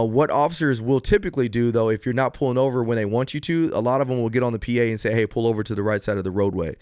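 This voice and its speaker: A man's voice: mid-range voice, a little mellow, smooth, no room sound, studio quality. A man, a police officer hosting a podcast on his own, explaining step by step in an earnest manner with frequent restarts and fillers. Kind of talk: solo podcast advice talk.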